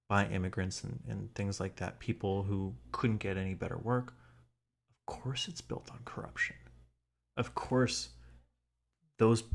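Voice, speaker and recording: A man's voice: fairly low pitch, creaky. A man co-hosting a podcast from home, talking in a rambling, earnest, profane way with lots of fillers. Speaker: podcast co-host. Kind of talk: casual podcast talk.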